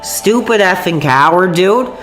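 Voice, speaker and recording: A woman's voice: fairly low pitch, lively intonation, a little slow. A woman streamer, sick with a sore voice, ranting angrily and profanely to her chat. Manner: angry, profane, rambling. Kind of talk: livestream rant to chat. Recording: echoey room with faint music.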